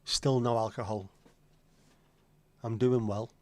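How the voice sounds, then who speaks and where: A man's voice: medium pitch, fairly even intonation, takes it slowly, no room sound. A man hosting a casual livestream, chatty and joking as he answers viewer comments. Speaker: livestream host.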